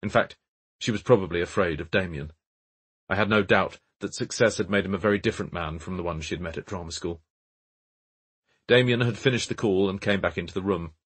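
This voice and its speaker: Brief: male audiobook narrator, low, husky, measured. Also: a bit bright. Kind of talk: scripted narration.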